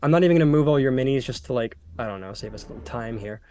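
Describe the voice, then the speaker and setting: A man's voice: mid-range voice, expressive, very fast, darkish tone. A man narrating as game master in a tabletop game, talking casually and loosely. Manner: casual, rambling with fillers.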